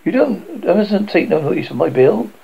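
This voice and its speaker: A motherly, rough-spoken woman off a canal barge, as a man reading the story puts her on. Her voice sits higher than plain talk and rasps with gravel, rambling in ungrammatical dialect. The recording sounds dull and lo-fi. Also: very animated, moderate pace, dark tone, full character voice. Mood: chatty.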